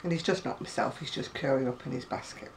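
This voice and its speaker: Chatty woman with a gravelly voice. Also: extremely low pitch, fast. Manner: chatty, rambling storytelling with ranting asides. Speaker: crafting vlogger. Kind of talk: casual chat to camera.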